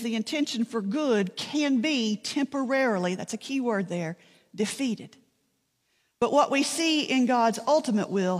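A woman's voice: on the high side, in a large hall. A woman pastor, preaching a sermon in a conversational storytelling way, with dry asides.

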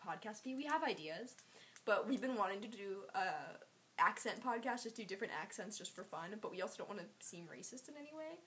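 A young woman co-hosting a casual podcast, giggly and animated, often trailing off mid-sentence. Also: mid-range voice, fast talker. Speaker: podcast co-host.

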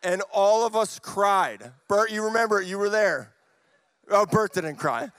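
A man preaching a sermon as pastor, telling family stories and swinging between hushed and loud, animated delivery. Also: high voice, a little slow, dry recording.

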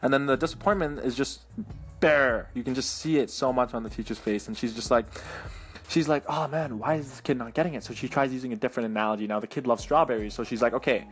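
Fast-talking, upbeat motivational man. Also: mid-range voice, soft background music. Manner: energetic, keeps checking in with "right?" and "you know what I mean?". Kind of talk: motivational storytelling.

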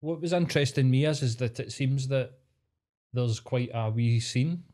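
Hesitant Scottish co-host. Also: male voice, medium pitch, normal speed, darkish tone. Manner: hesitant, with many ums and likes. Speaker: podcast co-host. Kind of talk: casual podcast chat.

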